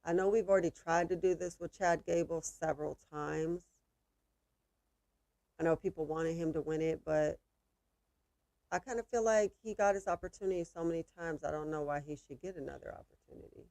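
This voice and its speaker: A co-host on a live watch-party stream with a gravelly edge of vocal fry, trading blunt, dismissive quips and reading out chat questions. The sound is dry and close-miked. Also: medium pitch, fairly quick, darkish tone, no echo.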